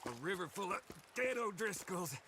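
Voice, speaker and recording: An actor playing a sly, smug outlaw villain in a video game. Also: male voice, high-pitched, expressive, moderate pace, very noisy.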